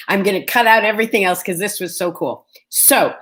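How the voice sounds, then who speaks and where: A middle-aged woman hosting a vlog, telling a story in a chatty, animated way straight to her viewers. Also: on the low side, brisk. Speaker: vlog host. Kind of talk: casual storytelling chat.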